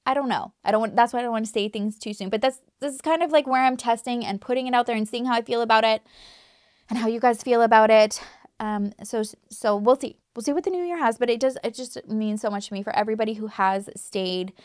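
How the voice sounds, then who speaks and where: A woman's voice: on the high side, fast talker, darkish tone, no room sound, clean studio sound. A woman in her thirties talking casually to camera as a video creator, chatty and emphatic, with lots of fillers and restarts. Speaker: YouTube true crime creator.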